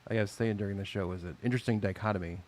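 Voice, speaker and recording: A man's voice: lowish voice, fairly even intonation, racing. A man from Connecticut co-hosting a podcast, chatty and wry in casual conversation. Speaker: podcast co-host. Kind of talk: casual chat.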